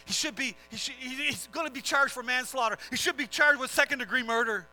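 A man's voice: extremely high pitch, quick pace, bright, forceful tone, faint music behind, heavily acted, rough recording. A man voicing an angry male police officer who blusters and rails against the culprit. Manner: blustering, indignant.

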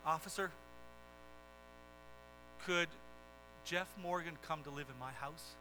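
A man voicing a gentle, forgiving middle-aged widow, speaking softly and low. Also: takes it slowly, faint music behind, full character voice, rough recording. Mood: calm. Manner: soft, calm and low.

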